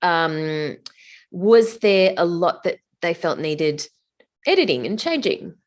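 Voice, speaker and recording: A woman's voice: lowish voice, sing-song, takes it slowly. Woman interviewer, eager, voice swoops all over. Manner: eager, prompting questions. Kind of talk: casual interview.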